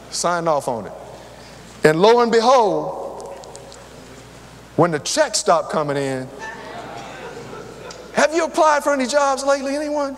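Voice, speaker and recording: A man's voice: sits high, a little slow, long pauses. An older man preaching a sermon, telling personal stories and talking straight to the congregation. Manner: lively, conversational, talks straight to the crowd. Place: church hall. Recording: long hall reverb.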